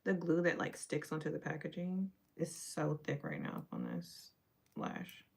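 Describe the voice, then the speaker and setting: A woman's voice: sits low, huge pitch swings, measured pace, creaky, slightly rough. A young adult woman chatting casually with viewers on a livestream while doing her makeup.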